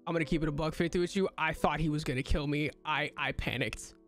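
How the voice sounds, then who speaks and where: A man streaming a social deduction game, talking in fast, panicky, dramatic bursts. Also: fairly high pitch, fairly even intonation, fairly bright tone, faint music behind. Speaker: gaming streamer. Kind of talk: casual game chat.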